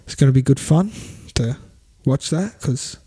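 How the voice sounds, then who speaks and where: A man's voice: medium pitch, animated, a little slow, mellow. A young Australian man co-hosting a podcast, rambling through topics and laughing often in casual banter. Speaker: podcast co-host.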